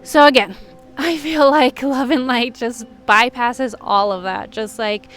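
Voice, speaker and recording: A woman's voice: high-pitched, lively intonation, moderate pace, fairly bright tone. A woman who works as a healing coach talks in a candid, earnest vlog monologue, with frequent "like" fillers.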